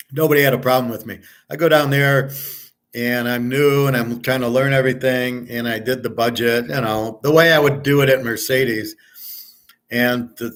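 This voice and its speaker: A man's voice: medium pitch, fairly bright tone. A middle-aged American man hosting a betting show, telling stories in a blunt, profane, heated casual rant. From United States. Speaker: sports betting show host. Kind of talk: casual ranting monologue.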